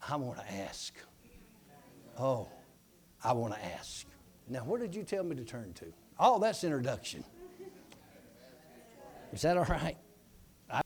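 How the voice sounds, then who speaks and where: Here a man gives a sermon with a darkish tone, wandering through a folksy tale and sinking his voice low for the quoted lines.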